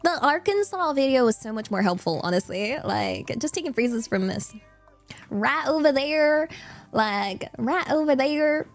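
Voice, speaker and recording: Woman doing a giggly put-on Southern drawl persona, bright high voice, livestream chat. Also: expressive, unhurried, soft background music. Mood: chatty. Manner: giggly, practicing phrases aloud. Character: Southern-accented young woman persona, playful and self-conscious.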